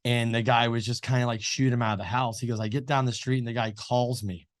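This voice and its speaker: A man's voice: medium pitch, little pitch movement, quick pace. A man co-hosting an interview show, telling a story in a loose, rambling way full of fillers and retold dialogue. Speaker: co-host. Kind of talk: casual interview chat.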